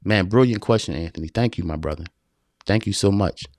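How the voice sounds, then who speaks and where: A man's voice: sits low, brisk, a little mellow, dry recording, studio quality. A man hosting a live-streamed talk for men. He is emphatic and repetitive, calls listeners brother, and answers viewer questions as they come in. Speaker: podcast host.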